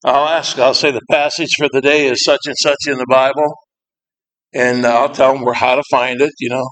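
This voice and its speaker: A man talks to a congregation about his prison ministry work. His delivery is plainspoken and rambling, full of side remarks and pauses as he collects his thoughts. His voice sits at a middle pitch for a man. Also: flat delivery, a bit bright, low-quality recording. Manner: halting, with frequent pauses. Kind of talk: informal church talk to a congregation.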